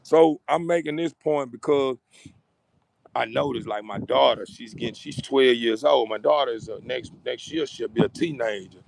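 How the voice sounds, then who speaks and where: Gravelly man giving a rambling pep talk. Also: medium pitch, normal speed, no room sound. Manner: rambling, repeats words and keeps asking "you know what I'm saying". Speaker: vlogger addressing his channel's audience. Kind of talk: casual motivational talk.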